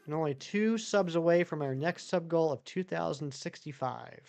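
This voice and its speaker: A man's voice: fairly high pitch, moderate pace, vocal fry, a little mellow, soft background music. Rambling casual male streamer. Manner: rambling, many fillers and restarts. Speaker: live streamer. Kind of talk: casual chat with viewers.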